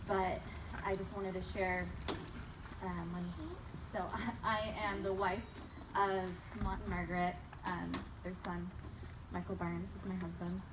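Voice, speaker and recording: Hesitant woman with a flat low voice. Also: unhurried. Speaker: mourner sharing memories. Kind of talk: eulogy at a memorial. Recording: distant mic, noisy room.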